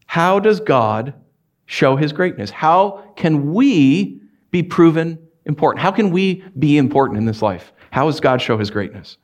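A pastor preaching a conversational sermon in a church, animated and questioning the congregation. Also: male voice, fairly high pitch, measured pace. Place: church sanctuary.

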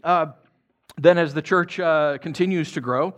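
A man preaching a sermon to his congregation, chatty and animated, often tossing in "right?", and dropping soft and low when he reads scripture. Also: measured pace. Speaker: pastor.

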